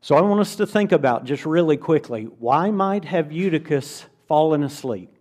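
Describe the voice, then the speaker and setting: A man's voice: a little high, lively intonation, moderate pace, darkish tone. A middle-aged man preaching a conversational, earnest sermon to a church congregation, often repeating words for emphasis.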